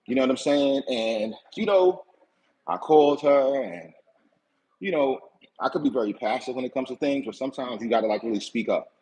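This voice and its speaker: A man's voice: mid-range voice, moderate pace, a little mellow, poor audio. A man hosting his own channel tells a casual, aggrieved story. He is slangy, repeats himself and keeps asking "you know what I'm saying.". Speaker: channel host.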